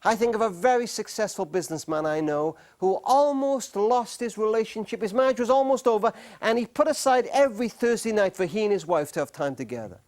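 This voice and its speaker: A middle-aged man with a notably high voice tells stories to a live audience. He speaks earnestly and slows down on key words, leaving pauses for weight. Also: animated, a little mellow. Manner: earnest, with slow emphatic pauses. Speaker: speaker on marriage. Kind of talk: storytelling talk to a live audience.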